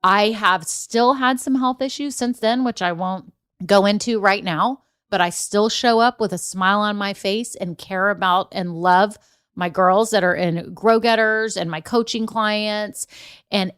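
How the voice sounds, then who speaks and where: A woman's voice: medium pitch, fairly bright tone, smooth. A woman in her forties talks alone on her podcast for business owners. She chats through personal stories in a loose, conversational flow, laughing along the way. She keeps turning to the listener with questions and direct asides. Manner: chatty storytelling, laughs often, frequent direct asides. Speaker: podcast host and business coach. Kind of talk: solo podcast monologue.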